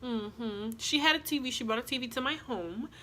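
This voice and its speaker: A young woman vlogger telling a long story in a casual, animated way and acting out what other people said. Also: fairly high pitch, normal speed.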